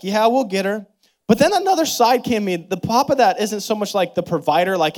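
A man in his thirties preaching a sermon as pastor, leading prayer and telling stories in an animated, expressive way. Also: fairly quick. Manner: animated storytelling with big pitch swings and laughter; leads congregation in prayer and call-and-response.

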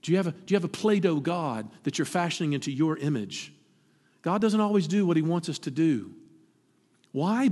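A man preaching a sermon, climbing to emphatic peaks and then dropping low. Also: darkish tone, slightly rough. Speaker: pastor. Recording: long hall reverb.

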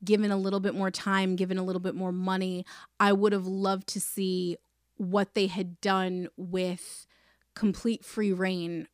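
A woman's voice: mid-range voice, little pitch movement, a little slow, no echo, studio quality. A woman co-hosting a podcast, speaking frankly with laughing, mock-protesting reactions. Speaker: podcast co-host. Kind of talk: casual podcast chat. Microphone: podcast microphone.

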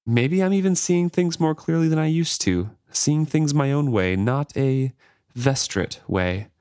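A man's voice: a little high, expressive, a little slow, a little mellow, clear, resonant tone, no echo, pitched above the performer's own voice. A man reading aloud as a lonely female living ship, speaking earnestly and plainly in a dry, close sound.

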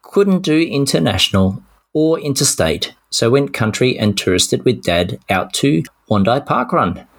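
A man's voice: medium pitch, sing-song, a little slow, vocal fry. A man co-hosting a podcast, cheerfully reading out listener messages with self-deprecating asides. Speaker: podcast co-host.

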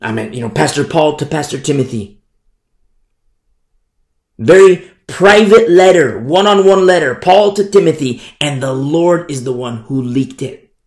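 A man delivers a sermon as a pastor, his voice a touch high and gravelly. He preaches emphatically, repeating phrases and sometimes mimicking hypocrites mockingly. The sound carries a roomy echo. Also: animated, a little slow, darkish tone.

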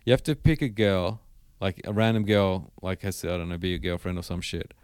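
A man's voice: deep voice, fairly quick, darkish tone, smooth, no room sound. A man co-hosting a podcast, bantering, joking and swearing in a casual chat. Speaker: podcast co-host.

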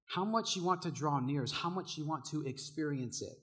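A young male preacher with a high, bright, forceful voice delivers a brisk sermon, telling casual stories to his congregation. He's full of energy, laughs often, and shouts when he gets carried away.

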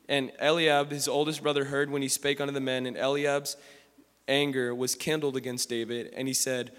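Young-sounding preacher in a reverberant church hall. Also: male voice, mid-range voice, fairly even intonation, moderate pace, fairly bright tone. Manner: casual and slangy, frequent restarts. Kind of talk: sermon, scripture reading with casual commentary.

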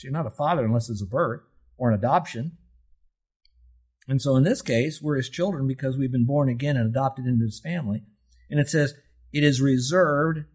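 An older male pastor delivers a sermon in a husky, slightly breathy voice of middle pitch. He asks rhetorical questions and drags out key words for emphasis. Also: darkish tone.

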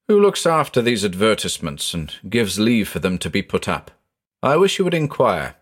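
Guy doing a proper polite gentleman, careful and lively voice. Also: fairly low pitch, normal speed. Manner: courteous and precise. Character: polite, reserved English gentleman researcher.

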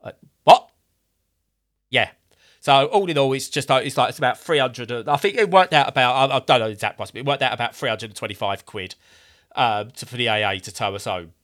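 A man's voice: medium pitch, fairly quick, a bit bright. A man in his thirties telling a rambling story in a casual way, acting out the voices he quotes.

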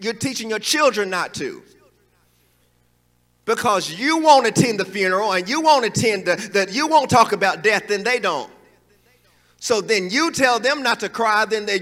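A man's voice: high-pitched, sharp tone, long reverb tail. A man preaching a sermon in a conversational, emphatic way, with asides and chuckles.

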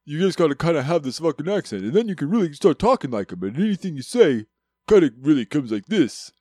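A man's voice: fairly high pitch, very animated, fast, dark tone, slightly rough, dry recording, studio quality, pitched above the performer's own voice. A man doing an impression of a tough-guy boxer, with a slurred, rolling drawl and a drooping lip. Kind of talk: casual podcast impression.

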